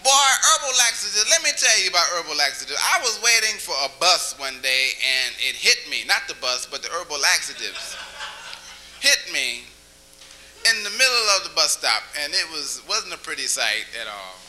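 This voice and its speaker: A man's voice: fairly high pitch, big pitch swings, normal speed, sharp tone, slight background noise, poor audio. A man doing stand-up comedy in a small cafe, chatty and teasing the audience with questions, sometimes breaking into a crooning song. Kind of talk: stand-up comedy with crowd work.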